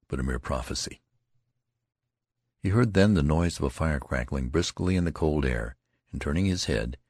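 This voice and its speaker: Very deep, gravelly male narrator. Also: darkish tone, no room sound, clean studio sound. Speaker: audiobook reader. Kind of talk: scripted narration.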